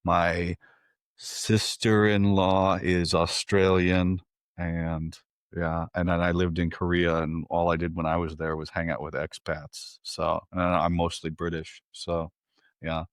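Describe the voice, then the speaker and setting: American man, podcast host, very low voice, dry close sound, laid-back, casual swearing. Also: little pitch movement, slow pace, clean tone, no echo. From United States. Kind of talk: casual interview chat.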